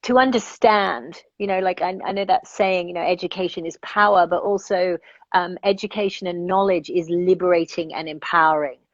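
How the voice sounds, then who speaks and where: A woman's voice: fairly low pitch, fairly even intonation, normal speed, dry recording, muffled recording. A woman life coach speaking as a guest in an interview, earnest and reflective, thinking aloud and checking that the listener follows her.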